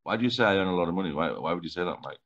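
A man's voice: sits low, lively intonation, rapid-fire, fairly bright tone, dull audio. A man being confronted on a live stream who answers defensively and dismissively, swearing often. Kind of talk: heated live stream argument.

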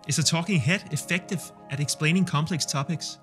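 A man's voice: a little high, brisk, fairly bright tone. A man, talking casually and candidly with a self-deprecating streak as he tests AI tools for a vlog. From Denmark. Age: 30s. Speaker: video creator testing AI tools. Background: faint background music.

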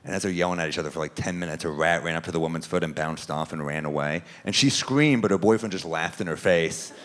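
A man from New York doing a stand-up comedy set with a dry, deadpan delivery, dropping into lower voices for the people he quotes. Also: fast talker. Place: comedy club stage before a live audience. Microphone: handheld stage microphone. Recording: live club recording with crowd noise. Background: audience laughter and club ambience.

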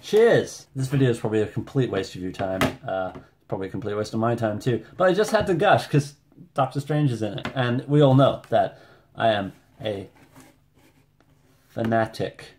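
A man reviewing a movie in a casual vlog at home, rambling, excitable and self-deprecating. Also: mid-range voice, moderate pace, noisy background. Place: home room with shelves.

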